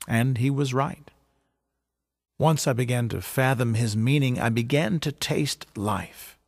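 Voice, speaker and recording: A man telling a dramatic first-person story as a fisherman disciple, halting and stammering with wonder. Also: mid-range voice, vocal fry, husky, no room sound, studio quality. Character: fisherman disciple recalling his teacher, earnest.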